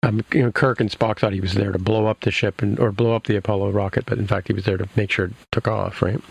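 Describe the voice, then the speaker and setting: Low gravelly man recapping an episode. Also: level tone, quick pace, dry recording. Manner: rambling, many fillers and restarts. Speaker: podcast host.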